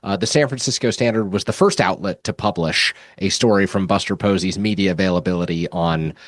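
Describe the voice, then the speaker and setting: A man, a sports reporter, talking casually with dry, deadpan humor. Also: deep voice, brisk, dry recording.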